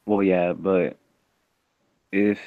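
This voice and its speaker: Man caller, very deep voice, slow and hushed, on a dull, dry lo-fi line. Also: level tone, no room sound. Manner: keeps his voice down, talks slowly. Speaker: hangout caller. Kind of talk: casual chat. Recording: dull, dry lo-fi call audio.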